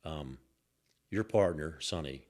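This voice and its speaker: A man voicing big mob enforcers in a slow, threatening way with a put-on heavy Italian accent. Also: very deep voice, darkish tone, voice pushed down. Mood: menacing. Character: menacing burly Italian mob enforcers, male.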